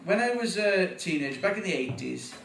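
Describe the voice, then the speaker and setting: A nervous man in his forties does his first stand-up set in a high, bouncy voice that keeps swinging up and down. He rambles, swears and chuckles at his own jokes. He is picked up from a distance in an echoey room with a faint background hum. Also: big pitch swings, a little fast, creaky, a bit bright. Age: 40s. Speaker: first-time stand-up comic. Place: small venue with live audience.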